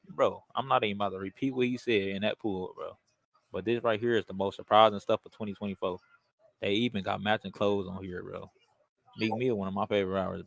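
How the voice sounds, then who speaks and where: A man with a lowish, gravelly voice reacts in quick talk. He sounds incredulous throughout. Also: dry recording, low-quality recording. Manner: incredulous, says bro a lot. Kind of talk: casual reaction commentary.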